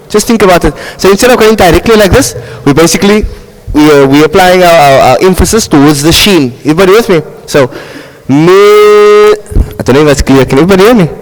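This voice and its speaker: South African male recitation teacher, high-pitched, heard in a reverberant hall; interactive classroom delivery. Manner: checks in with students constantly, models slow drawn-out recitation. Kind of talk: classroom tajweed lesson.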